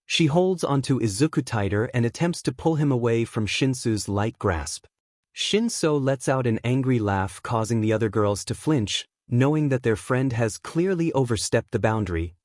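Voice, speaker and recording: A man reading a fanfiction story aloud in a steady, plain narration. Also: medium pitch, moderate pace, dry recording, clean studio sound. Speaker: fanfiction reader.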